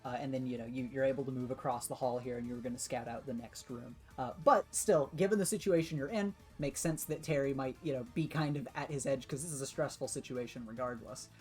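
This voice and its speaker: A woman's voice: rumbling low, quick pace, hardly any pauses, darkish tone, faint music behind. A young woman running a superhero tabletop game as game master, casual and laughing often, with hesitant fillers.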